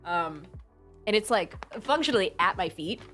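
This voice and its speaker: A woman's voice: fairly low pitch, animated, normal speed, a bit bright, soft background music. A woman hosting a charity live stream, chatting casually and reading out her chat in a bubbly, gushing way as she thanks donors.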